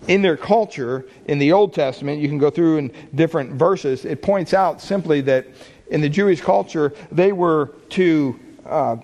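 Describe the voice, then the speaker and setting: A man preaching a sermon with a somewhat high voice. He talks in a conversational way, asking questions straight to the congregation. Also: a little mellow. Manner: conversational, asks the listeners questions. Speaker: pastor.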